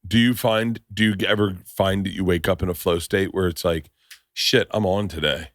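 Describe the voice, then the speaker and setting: This is a middle-aged man with a lowish voice, talking with a guest on a podcast in a rambling, jokey way that gets excitable. He sounds dry and close to the mic, with no room around him. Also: moderate pace, no echo. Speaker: podcast host. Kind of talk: casual chat.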